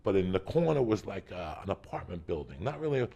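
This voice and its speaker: A middle-aged man from New Jersey with a gravelly voice, telling a profane, animated story in casual chat and acting out the voices. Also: deep voice, brisk, dull audio. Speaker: podcast host.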